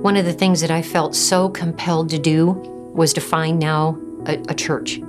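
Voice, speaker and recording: A woman giving a personal faith testimony, earnest and halting, often restarting her sentences. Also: low-pitched, steady tone, over music. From Southern California. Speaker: testimony speaker.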